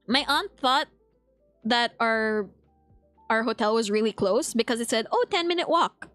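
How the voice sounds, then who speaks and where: Soft music plays behind a young Filipino-accented woman whose voice is a little high and a bit bright. Streaming at a measured pace with no room sound, she laughs frequently and responds to chat after reading it aloud.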